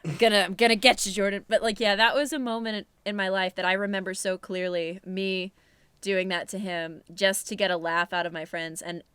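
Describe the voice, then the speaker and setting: A woman's voice: mid-range voice, little pitch movement, brisk, a bit bright, clear, resonant tone, no echo. A young woman co-hosting a podcast, talking in a candid, reflective, casual way. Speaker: podcast co-host.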